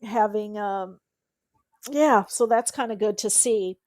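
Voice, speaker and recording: A woman hosting an interview, chatting casually with quick affirming interjections. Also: medium pitch, darkish tone, no echo. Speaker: host.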